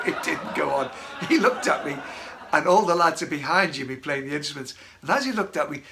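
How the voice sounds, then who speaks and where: A man's voice: on the high side, sharp tone. A man, a band member, recalling a stage story and laughing through it as he talks. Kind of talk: anecdote telling.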